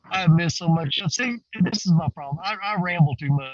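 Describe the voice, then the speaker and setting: A man talking casually to viewers from a riverbank, folksy and rambling, swinging between excited and hushed. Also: high voice, fairly quick, few pauses, muffled recording. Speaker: outdoor fishing vlogger. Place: outdoors on a riverbank.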